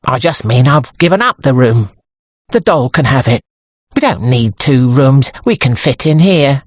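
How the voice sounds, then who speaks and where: A woman playing a brisk, no-nonsense dressmaker. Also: rumbling low, lively intonation, dry recording, heavily acted. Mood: resolute. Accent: English. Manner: brisk and dry. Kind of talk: audiobook character voice.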